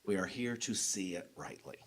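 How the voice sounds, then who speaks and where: A man's voice: low voice, lively intonation, moderate pace. A man giving a sermon as pastor, talking in a personal, conversational way and often restarting his sentences. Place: church sanctuary.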